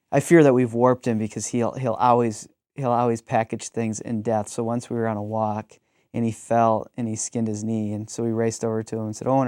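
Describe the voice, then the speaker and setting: A man's voice: fairly low pitch, dark tone, clear, resonant tone, dry recording, studio quality. A man in his thirties, a pastor, talking reflectively in a conversational discussion and telling stories with frequent ums.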